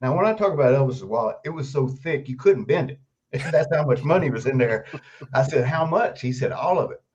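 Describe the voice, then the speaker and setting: A man's voice: medium pitch, brisk. Older man telling stories over a dull call line. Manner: animated anecdotes, laughs often while telling. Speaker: guest author. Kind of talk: storytelling interview. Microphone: video call. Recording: dull lo-fi remote call audio.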